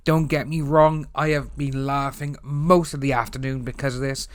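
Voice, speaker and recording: A Welsh man talks through his thoughts in a loose, rambling commentary vlog. His voice sits at an ordinary middle pitch. He stumbles and restarts often but stays animated. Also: normal speed. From Wales. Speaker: YouTube commentator. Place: home room with open window.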